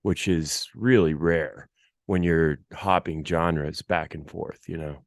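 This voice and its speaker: A man's voice: a bass voice, steady tone, slow, no echo, clean studio sound. A man hosting a show, interviewing a guest in an enthusiastic, laid-back way and speaking directly to his listeners. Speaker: radio show host.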